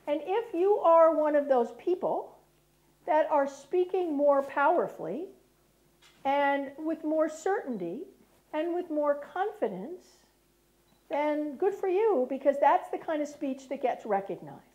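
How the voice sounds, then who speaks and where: A woman's voice: high-pitched, animated, unhurried, mellow, muffled recording. A middle-aged American woman giving a lecture, often checking in with the audience by asking "right?". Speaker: speaker. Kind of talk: lecture talk.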